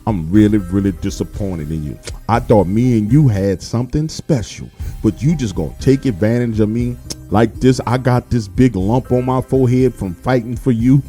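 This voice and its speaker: A man voicing a jilted, clingy partner with a deep male voice who speaks with sulky reproach. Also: normal speed, mellow, faint music behind, lightly acted.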